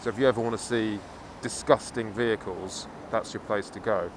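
A man's voice: on the low side, fairly even intonation, moderate pace. A man chatting and swearing casually while riding a motorbike through city traffic. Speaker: motorcycle vlogger. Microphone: helmet camera mic. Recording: loud wind and traffic noise.

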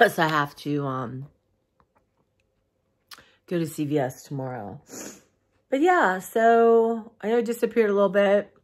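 A tired woman, talking heartfelt and rambling to her followers in a casual vlog, clearing her throat now and then. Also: mid-range voice, a little slow, long pauses. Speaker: vlogger. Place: dim room at home.

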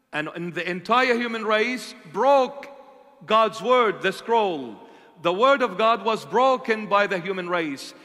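A man preaching a sermon as bishop, slowly posing rhetorical questions and answering them himself. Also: sits high, sharp tone. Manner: asks and answers his own rhetorical questions; slow, deliberate emphasis. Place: church. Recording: echoey church hall.

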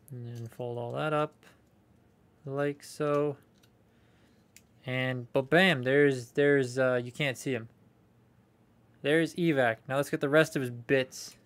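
Young male streamer, loose rambling chat with viewers, mid-pitch voice. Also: smooth. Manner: rambling and chatty, talking to live chat. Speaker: toy collector streaming a haul unboxing. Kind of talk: casual live unboxing chat.

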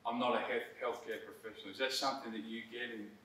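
In a presentation room, a middle-aged man runs a coaching workshop, speaking fast in a medium-pitched voice with a steady, sharp tone. He's conversational and emphatic, often checking in with "right?", and the audio is a roomy hall picked up by a distant mic with faint noise.

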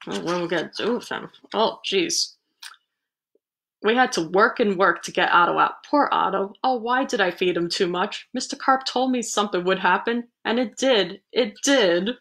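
Woman librarian, storybook read-aloud, animated, playful asides, mid pitch. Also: moderate pace, vocal fry. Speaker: children's librarian.

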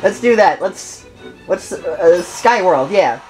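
A woman's voice: fairly low pitch, lively intonation, takes it slowly, darkish tone, faint music behind, rough recording. Woman rambling over gameplay. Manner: playful, rambling, self-interrupting. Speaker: gaming video host. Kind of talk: casual gameplay commentary.

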